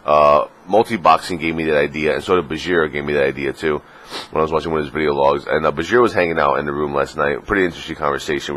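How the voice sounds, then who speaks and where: A man with a very low voice chats through a casual vlog rant. He rambles with plenty of fillers and crude jokes, and he sounds a bit sniffly. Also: fairly bright tone. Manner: crude, joking, full of fillers, slips into mocking put-on voices. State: sniffly, just woke up. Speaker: vlogger.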